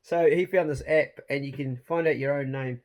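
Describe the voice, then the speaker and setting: A man's voice: mid-range voice, fairly even intonation, moderate pace, a little mellow, no room sound. A man hosting a casual, jokey vlog tour of a farmhouse build site outdoors. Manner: chatty, jokey, matey. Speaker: vlog host.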